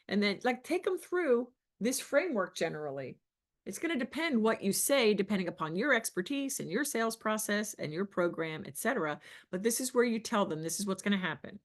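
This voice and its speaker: A woman's voice: a little high, brisk. A middle-aged woman sales coach talking passionately on a podcast, asking the listener questions and acting out other people's lines. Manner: passionate, animated, rhetorical questions. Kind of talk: podcast teaching talk.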